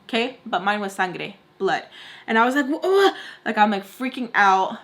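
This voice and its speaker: A woman's voice: medium pitch, normal speed. Chatty young woman telling a storytime. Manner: rambling, heavy "like" fillers, animated retelling; drops in Spanish words. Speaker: beauty vlogger. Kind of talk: storytime while doing makeup.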